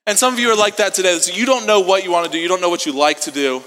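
A man's voice: sits high, very fast, pushed and bright. A young man giving a youth group sermon, telling a story casually and acting out the dialogue before reading scripture. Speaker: youth pastor. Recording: long hall reverb.

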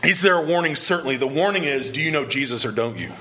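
A man's voice: mid-range voice, lively intonation, fast talker, pushed and bright, a little hiss or hum. A male pastor preaching a sermon, earnest and emphatic, pressing his point with repeated rhetorical questions.

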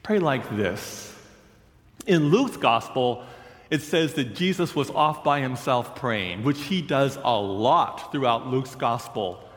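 Male preacher, deliberate storytelling sermon delivery, roomy sanctuary sound. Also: mid-range voice, animated. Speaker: pastor.

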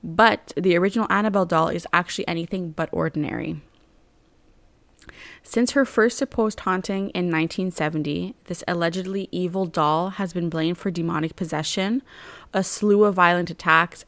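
Brief: young female true-crime podcast co-host, lower voice, casual reader who laughs easily. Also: normal speed, no room sound. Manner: laughs often, reads narration then banters.

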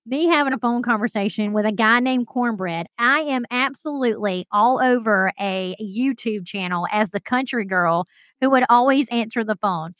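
A fairly high-voiced woman talks straight to her listeners in a solo podcast. Her manner is bubbly and chatty, and she laughs often. The sound is dry and close. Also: normal speed, fairly bright tone, no room sound. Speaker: podcast host.

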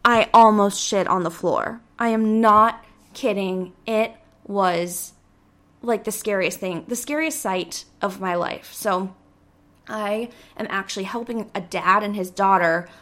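A woman in her twenties, a podcast host telling a casual story in a dramatic, animated way, with casual swearing. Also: mid-range voice, slow pace.

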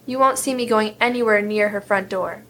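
A woman's voice: medium pitch, normal speed, a bit bright, close to an everyday voice. A woman voicing a frightened, poor male woodcutter who pleads fearfully.

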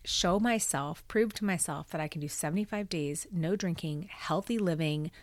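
A woman's voice: fairly low pitch, normal speed, dry recording. A middle-aged woman hosting her own podcast, telling a personal story candidly and emotionally, with many fillers. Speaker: podcast host. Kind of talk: personal monologue.

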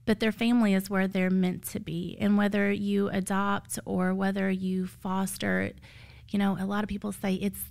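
A woman's voice: medium pitch, flat delivery, normal speed, vocal fry, a little mellow. A woman, a tired foster mother sharing her story as an earnest, emotional testimony of faith that rises to emphatic peaks. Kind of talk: heartfelt testimony.

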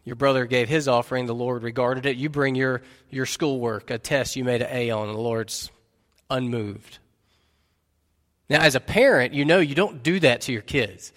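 A man's voice: medium pitch, normal speed, a bit bright. A man preaching a sermon as pastor, earnestly putting questions to his listeners. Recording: long reverb of a large hall.

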